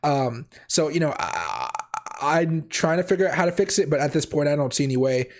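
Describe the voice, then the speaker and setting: Male livestream host, hoarse with a cold, rapid and rambling, self-correcting. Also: fairly high pitch, sing-song. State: raspy voice from a cold. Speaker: crypto trading livestream host. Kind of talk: casual livestream chat.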